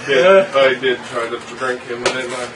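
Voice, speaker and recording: A man's voice: medium pitch, little pitch movement, moderate pace. Man, tabletop player, joking, swears casually, roomy echo, distant mic, background noise. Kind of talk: casual tabletop role-play.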